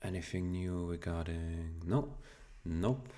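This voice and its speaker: Brief: German-accented man, very low voice, unhurried live coder muttering over his typing. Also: warm tone. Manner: muttering to himself while typing, half-joking. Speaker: coding streamer. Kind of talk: live coding stream, thinking aloud. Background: keyboard typing and clicks.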